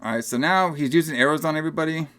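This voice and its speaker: Man, young adult, slightly high voice, animated, casual podcast recap. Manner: animated, laughing, acts out film lines in quick voices. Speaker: podcast co-host. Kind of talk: casual movie recap chat.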